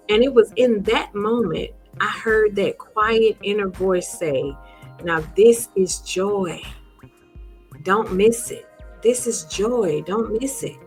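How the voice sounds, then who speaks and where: A woman hosting an inspirational talk, speaking gently and encouragingly straight to her listeners. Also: medium pitch. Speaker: host.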